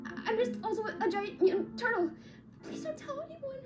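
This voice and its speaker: A woman's voice: extremely high pitch, animated, a little fast, voice pushed up. Woman voicing stammering turtle Donatello. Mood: nervous. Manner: stammering, apologetic. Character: nervous stammering male mutant turtle teen. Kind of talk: homemade comic dub. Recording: music playing behind.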